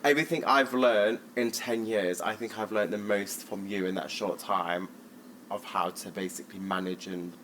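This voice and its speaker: A man's voice: lowish voice, fairly even intonation, moderate pace, fairly bright tone, a little hiss or hum, low-quality recording. A young man co-hosting a podcast, chatting casually, joking and telling stories at length. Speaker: podcast co-host. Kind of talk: casual chat.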